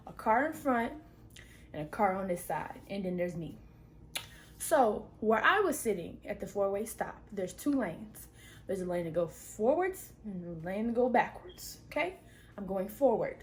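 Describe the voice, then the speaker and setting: A young woman vlogger telling a story to camera in an animated, dramatic, exclamatory way. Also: medium pitch, slight background noise.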